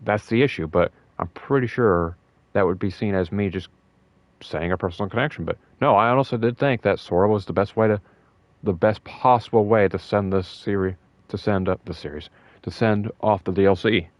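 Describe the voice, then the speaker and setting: A young man talking in a casual, rambling way about a fighting game, emotional and excited, with many fillers and restarts. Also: lowish voice, fairly quick, dry recording, highs cut off. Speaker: gaming video host.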